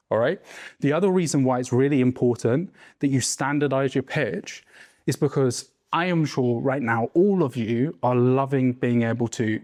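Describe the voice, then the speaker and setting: A man's voice: mid-range voice, a little mellow, no echo, clean studio sound. A man coaching a room of business owners on sales, talking emphatically and checking in with "right?" and "okay?". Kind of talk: mastermind teaching talk. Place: room with a group.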